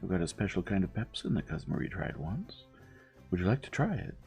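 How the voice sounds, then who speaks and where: A man's voice: deep voice, huge pitch swings, brisk, creaky, a little mellow, soft background music, pitched above the performer's own voice, heavily acted. A man voicing a sincere, mild-mannered young woman in a storybook reading. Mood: earnest. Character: earnest, meek young American woman, kindly.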